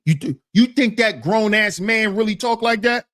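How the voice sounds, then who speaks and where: A woman streamer giving a ranting commentary, animated and mocking, repeating her points and laughing through them. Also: medium pitch, normal speed, no echo, clean studio sound.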